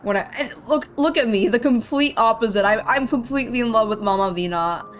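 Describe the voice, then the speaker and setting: A woman's voice: a little high, fairly quick. Gushing young woman streamer. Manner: emotional, gushing, rambling with restarts. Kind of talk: casual gameplay commentary. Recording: game audio with music behind.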